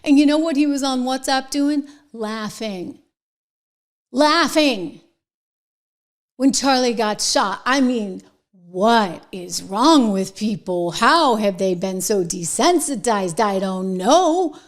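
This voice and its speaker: A middle-aged woman hosting her own political commentary show, talking in an indignant, emphatic, sarcastic way that swings between hushed whispers and loud outbursts. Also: on the high side, animated, unhurried.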